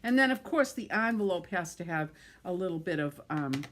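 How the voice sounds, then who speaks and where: This middle-aged woman talks while crafting a card, her fairly low voice expressive and moderately paced. Chatty and self-mocking, she trips over words and laughs it off as she goes.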